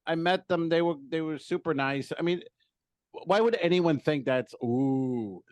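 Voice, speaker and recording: A man's voice: on the high side, moderate pace, clean tone, no echo. Rambling, swearing stand-up comic man. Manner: rambling storyteller, swearing freely. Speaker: podcast co-host and stand-up comic. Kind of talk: casual comedy podcast banter.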